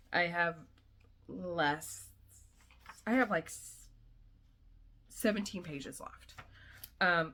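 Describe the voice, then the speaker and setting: A woman's voice: mid-range voice, pushed and bright. A young woman vlogging about her day in a rambling, chatty way, with lots of fillers and restarts. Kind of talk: casual vlog chat.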